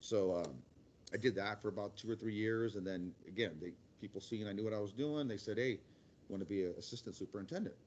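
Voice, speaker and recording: A man's voice: fairly low pitch, quick pace, darkish tone, slight background noise. A middle-aged man giving a casual career talk as a guest speaker, rambling and acting out quotes in other voices.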